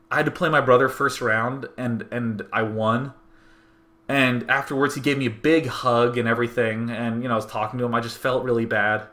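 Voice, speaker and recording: Casting: young male host, bright voice, lively storyteller who mimics other people's lines. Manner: animated, acts out others' words with big jumps in pitch and volume. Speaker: show host. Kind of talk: casual storytelling to a live stream audience.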